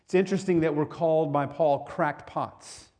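A man's voice: on the high side, fairly even intonation, normal speed, a little mellow. A male pastor preaching a sermon to his congregation in a conversational way, often repeating words and asking the listeners questions.

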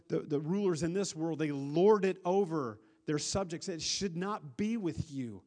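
A pastor preaching a sermon, earnest, with a voice that swells louder and then drops to a hush, often repeating words as he restarts. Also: on the high side. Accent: Upper Midwest American.

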